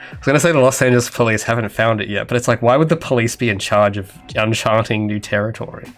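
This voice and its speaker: A man's voice: mid-range voice, quick pace, soft background music. A young Australian man livestreaming his game development, chatting casually and rambling with self-mocking jokes to his viewers while he codes. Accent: Australian, often taken for Canadian. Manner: rambling, self-mocking, jokey asides to chat. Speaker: indie game developer streaming.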